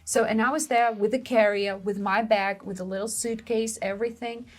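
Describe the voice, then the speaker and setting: A young woman co-hosting a show, telling a story in a lively, exclaiming way. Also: a little high, normal speed. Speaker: co-host of a language-learning show. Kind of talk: casual conversational storytelling.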